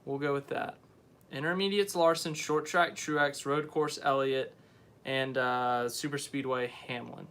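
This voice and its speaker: A man's voice: mid-range voice, fairly even intonation, a little slow, a bit bright, smooth. A young man hosting a casual live stream, rambling and often correcting himself as he answers viewers. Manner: rambling, unsure, self-correcting.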